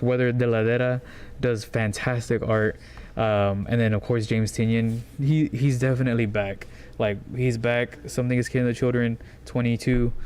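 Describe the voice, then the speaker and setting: A man's voice: mid-range voice, a little mellow. A man hosting a casual comic shop rundown, talking in a rambling, enthusiastic way with lots of fillers. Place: comic book store.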